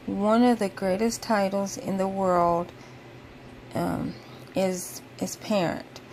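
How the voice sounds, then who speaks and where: A woman's voice: mid-range voice, vocal fry, a little mellow, slight background noise. A woman vlogger casually telling a personal story to camera, with lots of "um" and "like" and bursts of exaggerated indignation.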